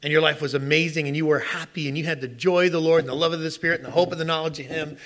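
A middle-aged man delivering a sermon with a bright, forceful voice that sits a little on the high side. He tells stories with animation and keeps putting rhetorical questions to his listeners. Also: steady tone, racing, few pauses. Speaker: pastor.

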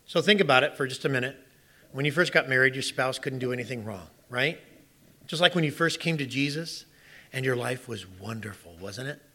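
Bright, lively man preaching a sermon. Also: mid-range voice, brisk. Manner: animated storytelling with rhetorical questions. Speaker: pastor.

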